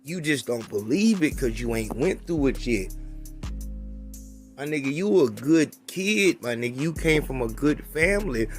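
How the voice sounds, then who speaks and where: A man on a podcast bluntly lectures young listeners, cursing freely. He speaks slowly at a middle pitch, with faint music playing underneath. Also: expressive. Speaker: podcast host. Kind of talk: casual advice-giving commentary.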